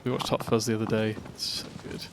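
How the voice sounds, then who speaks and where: A man streaming a video game from his flat, making puns and chatting with viewers. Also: fairly low pitch, fast, background noise. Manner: jokey, punning, chatty with viewers. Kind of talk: live gameplay commentary. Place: home flat. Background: music.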